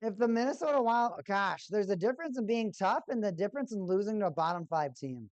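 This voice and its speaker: A woman's voice: mid-range voice, expressive, a little fast, a little mellow, dry recording. A woman streamer giving casual play-by-play and exasperated fan commentary on a hockey game.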